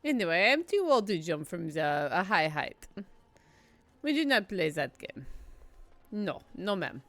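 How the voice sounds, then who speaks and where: A woman's voice: fairly low pitch, very animated, measured pace, a bit bright. A woman giving casual let's-play commentary, chatty and wry, talking to herself and the game as she plays. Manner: swears casually. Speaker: gamer playing through a story game.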